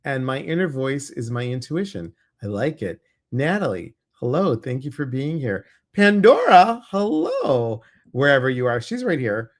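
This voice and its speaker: A man hosts a casual livestream podcast, greeting his viewers one by one in an easy, chatty way. His voice sits at an ordinary middle pitch. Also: very animated, measured pace. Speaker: podcast host.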